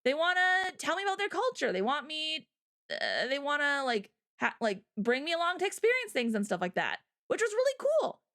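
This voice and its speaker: A high-pitched woman co-hosting a casual livestream, her voice swooping up and down as she gets heated. She rants in an animated way, slipping into quoted voices as she tells a story. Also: fairly quick. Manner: heated, ranting. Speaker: co-host.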